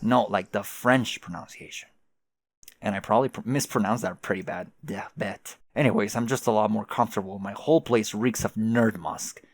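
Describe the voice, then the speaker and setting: A man's voice: lowish voice, moderate pace. A man putting on a smug teasing young woman.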